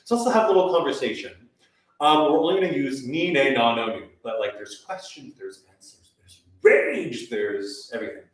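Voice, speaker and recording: A man leads an online voice lesson, talking students through exercises in a relaxed, chatty way. He sounds a fair way off the microphone. A heavy room echo surrounds every word. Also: mid-range voice, normal speed, distant mic. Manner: relaxed, chatty coaching with vocal demonstrations. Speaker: voice teacher. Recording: very echoey room, voice heard from afar.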